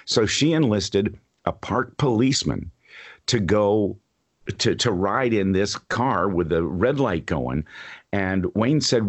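Low-voiced man recounting a story. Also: expressive, slow pace. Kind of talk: casual conversation.

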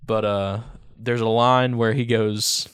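A man's voice: on the low side, slow pace, smooth. A young man co-hosting a podcast, chatting casually and telling school stories with lots of laughter and slang. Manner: laughing storyteller, slangy, animated retellings. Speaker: podcast co-host. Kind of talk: casual chat.

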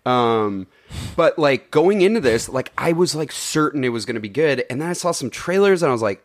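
Pitched on the high side with big swings in intonation, this man speaks a little fast. He's co-hosting a casual movie review podcast, rambling, filling gaps with fillers, and swearing freely.

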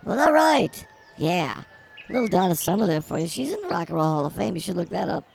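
A woman's voice: lowish voice, animated, fast, vocal fry, background noise. A woman co-hosting an improvised comedy podcast outdoors at a zoo, rambling in silly, mock-defiant banter. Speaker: podcast co-host.

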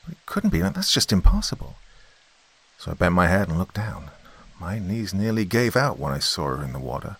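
A man doing a gruff, stubborn old uncle. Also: low-pitched, very animated, moderate pace, exaggerated voice. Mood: shaken. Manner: shaken, urgent storytelling.

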